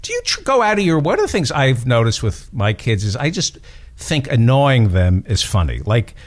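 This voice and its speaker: Middle-aged male interview host, dry deadpan jokes, expressive pitch. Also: moderate pace. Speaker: podcast host. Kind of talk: interview chat.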